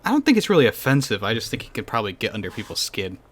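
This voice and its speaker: A man's voice: on the low side, sing-song, rapid-fire. A man co-hosting a podcast, chatting casually in a laid-back, playful, hesitant way. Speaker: podcast co-host. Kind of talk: casual chat.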